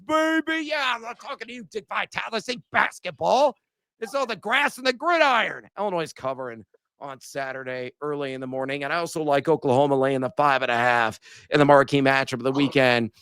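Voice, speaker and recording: A middle-aged man co-hosting a sports betting podcast, energetic and jokey, breaking into shouts. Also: a little high, a little fast, clear, resonant tone, no echo. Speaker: podcast co-host.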